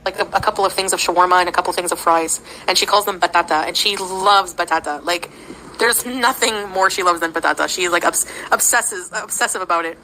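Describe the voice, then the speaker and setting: A woman's voice: on the low side, brisk, bright, forceful tone, slight background noise, poor audio. A woman livestreaming, telling a meandering story in a casual way, with lots of fillers and giggles.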